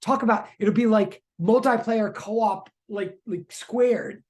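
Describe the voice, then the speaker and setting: A physics teacher with a medium-pitched voice takes it slowly while giving a live online lecture. Still chatty and excitable, the teacher often repeats questions posed by students in the chat.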